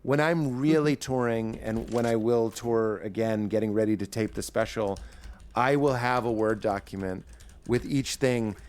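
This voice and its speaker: A man's voice: lowish voice, steady tone, moderate pace, a little mellow. A man, a stand-up comedian, talking as a guest on a podcast, riffing animatedly and acting out his own bits in character voices. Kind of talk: podcast interview chat.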